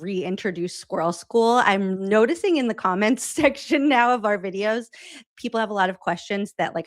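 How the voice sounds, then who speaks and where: A woman's voice: medium pitch, no echo. A woman from hosting a casual chat, talking in a loose, filler-heavy way and laughing easily. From Massachusetts. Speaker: host.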